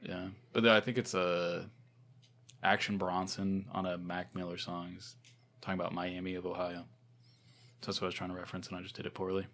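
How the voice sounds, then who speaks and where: A man co-hosting a podcast, rambling and poking fun at himself in casual chat. His fairly low voice tends to trail off softly at the ends of thoughts. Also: level tone, brisk. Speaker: podcast co-host.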